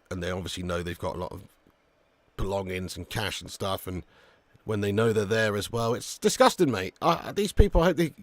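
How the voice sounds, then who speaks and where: A young man hosting a live football watch-along, chatting casually with his viewers, reading out their comments, swearing freely and shouting with excitement when a chance comes. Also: fairly low pitch, dry recording.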